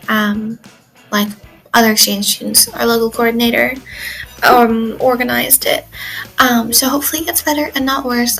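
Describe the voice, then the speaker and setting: A woman's voice: fairly high pitch, fairly bright tone, poor audio. A sixteen-year-old girl recording a casual video diary in her room, rambling with lots of "like" and "um" fillers. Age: teens. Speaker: exchange student video journaler. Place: bedroom at home.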